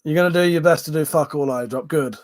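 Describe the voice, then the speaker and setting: A man rambles through a casual livestream chat, reading out viewer comments. His voice sits a little high for a man, and his talk is loose and sweary, peppered with laughs and yawns, a touch short of breath. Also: quick pace. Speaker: live stream host.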